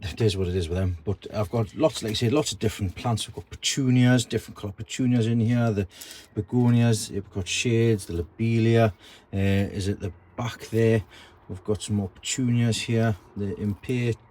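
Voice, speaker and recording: A man's voice: fairly low pitch, steady tone, moderate pace, hardly any pauses, warm tone. A man vlogging casually about gardening and plants in his garden, chatty and self-deprecating. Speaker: allotment vlogger. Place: garden and allotment outdoors.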